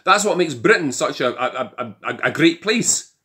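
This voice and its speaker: An older man with a Scottish accent, delivering an animated opinion monologue full of rhetorical questions. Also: fairly high pitch, normal speed. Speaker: commentator.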